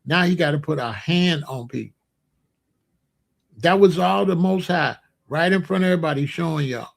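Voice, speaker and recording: A man's voice: a little high, normal speed, gravelly. A man delivering heated, confrontational stream commentary in blunt street slang.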